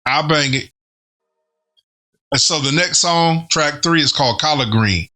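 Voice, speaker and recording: Male reaction host, casual and excitable, bright forceful tone, slangy with the odd curse. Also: a little high, unhurried. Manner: excited, talkative, loose slang with swearing. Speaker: host reviewing an album.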